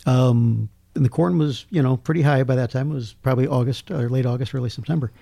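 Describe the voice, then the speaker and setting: A man's voice: medium pitch, quick pace, vocal fry, no echo. A man, a film critic telling jokey stories in casual chat. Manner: storytelling, jokey, lively asides. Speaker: podcast guest, film critic.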